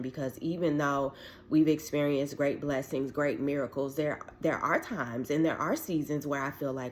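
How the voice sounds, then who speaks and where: Low-voiced woman, chatty and earnest. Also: moderate pace, a little hiss or hum. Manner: chatty, filler-heavy, acts out quoted dialogue; earnest and heartfelt. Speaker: widowed mother sharing a faith testimony. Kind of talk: casual personal testimony.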